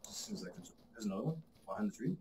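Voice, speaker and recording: A young man chatting casually while gaming, excitable, swearing and calling his friend bro. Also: medium pitch, racing, gravelly, slight background noise. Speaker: gamer.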